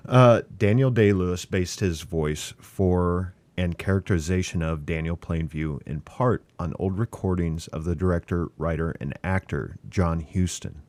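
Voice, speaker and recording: Deep voiced guy hosting a movie podcast, laid back, reading trivia. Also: a little slow, few pauses, a little mellow, dry recording. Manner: easygoing, runs the votes, reads out fun facts. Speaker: podcast host and moderator. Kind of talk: casual film discussion.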